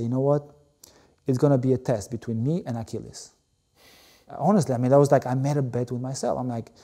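A middle-aged man from Albania, speaking English as a second language, recounts his story as an interview guest. His voice is warm and mellow, sitting in a middle register. He talks animatedly and leans on "you know" and similar fillers. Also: mid-range voice. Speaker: guest, former Olympic volleyball player.

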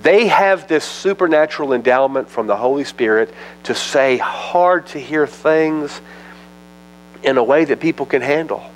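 A man's voice: fairly high pitch, measured pace, a little hiss or hum, low-quality recording. A man pastor teaching a verse-by-verse Bible study in a conversational, folksy way, reading scripture aloud and acting out its dialogue. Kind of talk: expository sermon, Bible teaching.

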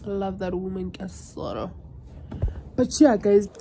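A woman's voice: medium pitch, unhurried, mellow, a little hiss or hum. A South African woman in her twenties chatting casually in a vlog, emotional and switching languages mid-sentence. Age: 20s. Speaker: vlogger.

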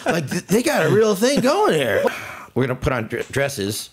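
A man hosting a podcast in casual banter, excitable and often laughing. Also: on the high side, moderate pace, noisy background. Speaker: podcast host. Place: indoor room.

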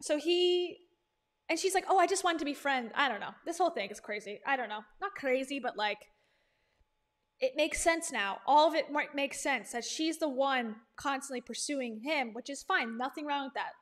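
A woman's voice: high voice, moderate pace. A woman hosting a casual reaction commentary, chatty and sarcastic with laughing asides. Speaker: commentary host.

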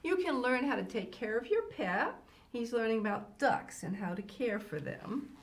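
An older woman reads a picture book to children with a high voice that swoops up and down. She talks in a fussy, grandmotherly way and breaks in often with little exclamations. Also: expressive, moderate pace, slight background noise. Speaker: children's show host.

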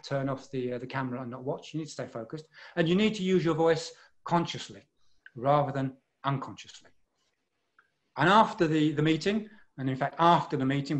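English man presenting on a video call. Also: on the high side. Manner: clear, precise explaining with rhetorical questions. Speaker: web seminar presenter.

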